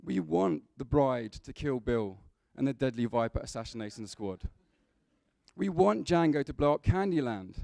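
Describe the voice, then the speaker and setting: A man preaching in a church, talking to his congregation in an easy, conversational way and dropping in humorous asides. His voice is gravelly and warm-toned, a bit higher than most men's, and the sound is dry and close. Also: expressive, normal speed, dry recording. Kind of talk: sermon.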